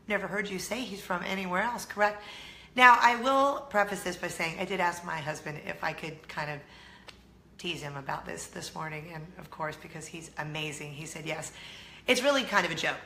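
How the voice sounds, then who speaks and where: A middle-aged American woman chats casually to her viewers, bubbly and quick to tease herself. Her voice is bright and sits a bit low. The room around her is echoey with a faint hum. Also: vocal fry. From United States. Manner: bubbly, self-teasing, laughs often. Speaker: vlog host. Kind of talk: casual chatty vlog.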